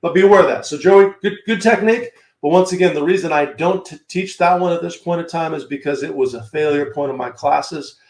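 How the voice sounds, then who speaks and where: A man's voice: a little high, brisk, hardly any pauses, darkish tone. Southern-accented male firearms instructor, echoey room. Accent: Southern American. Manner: conversational, answers viewers by name, demonstrates on camera. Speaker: firearms instructor hosting a livestream. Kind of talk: live-streamed teaching and reading viewer comments.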